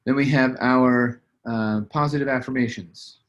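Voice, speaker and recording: Man, business coach, mid-pitch, relaxed chatty delivery with "uh"s and restarts, coaching a group. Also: measured pace, lo-fi sound. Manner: casual, conversational, many fillers and restarts. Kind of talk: motivational training talk. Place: at a desk, writing as he talks.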